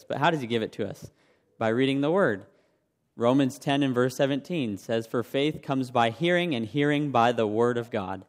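A man's voice: mid-range voice, normal speed. A young man preaching a sermon, sharing his own testimony in a conversational way and asking the congregation questions. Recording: long hall reverb.

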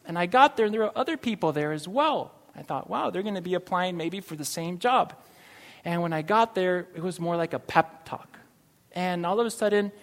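A man preaching a sermon as a pastor, slow and emphatic, with sudden loud rises on key phrases. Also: on the high side. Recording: long reverb of a large hall.

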